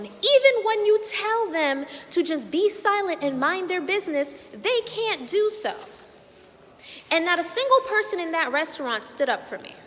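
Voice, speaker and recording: A woman's voice: high-pitched, fairly bright tone, in a large hall. A young adult woman giving an indignant, emphatic vlog rant to camera, hammering her points with repetition. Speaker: vlogger.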